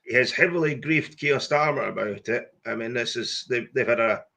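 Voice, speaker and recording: A Scottish man, a guest politician, talking in a political interview over a video call, hesitant and halting with repeated words. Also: mid-range voice, creaky, sharp tone. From Scotland.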